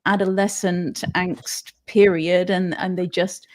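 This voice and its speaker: A woman's voice: fairly low pitch, level tone, takes it slowly, darkish tone. A woman guest on a podcast, speaking earnestly and with emphasis. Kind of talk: casual podcast interview.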